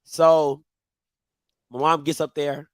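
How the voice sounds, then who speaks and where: A man's voice: on the high side, flat delivery, slow, smooth, no echo. A young man telling a childhood story on a talk show, acting out his younger self with screams and laughter. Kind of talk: animated storytelling.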